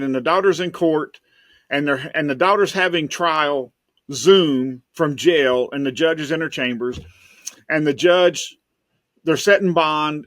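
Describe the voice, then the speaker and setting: Man, private eye, rambling storyteller, fairly high voice, dry close sound. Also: fairly bright tone, no room sound. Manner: rambling, repeats words while telling stories. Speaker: private investigator. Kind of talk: casual podcast storytelling.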